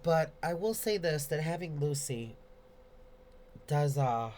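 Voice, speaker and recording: A man hosting a casual live question-and-answer video, talking in a rambling, expressive, chatty way. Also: a little high, takes it slowly, a little hiss or hum. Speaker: host answering viewer questions.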